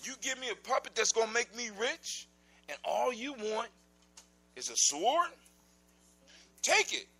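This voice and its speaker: A man voicing an excitable male street magician who speaks in an emphatic, pleading way. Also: extremely high pitch, measured pace, long pauses, exaggerated voice. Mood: grateful.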